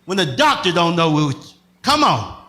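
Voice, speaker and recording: A male pastor preaching a sermon, swinging from loud shouted lines to soft asides with bursts of laughter. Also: on the high side, sing-song, measured pace.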